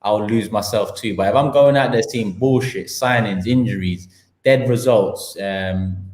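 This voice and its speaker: Hosting a live football talk show, a London-accented man rants in slangy, heated fashion, piling point on point. His voice is fairly low and a little mellow, and he keeps a measured pace. The room echoes around him.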